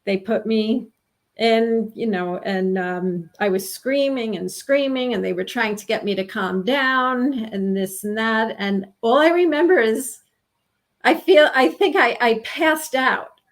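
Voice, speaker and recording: Earnest woman in her sixties, fairly high voice. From New York. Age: 60s. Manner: earnest, halting, with restarts. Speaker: guest telling her experience. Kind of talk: personal storytelling interview.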